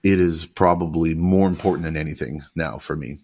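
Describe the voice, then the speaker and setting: A man who runs a pool service business, a podcast guest telling stories in an animated, frank and heated way. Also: a bass voice, a little fast. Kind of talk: casual podcast chat.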